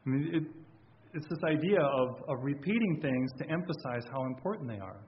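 A man's voice: medium pitch, animated, moderate pace, pauses often, lo-fi sound. A man preaching a sermon in a conversational way, often restarting and repeating words. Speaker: pastor.

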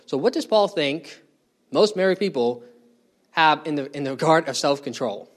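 A man's voice: on the high side, expressive, moderate pace. A man leading a bible study, explaining a passage in a conversational way and putting questions to his group. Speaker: bible teacher.

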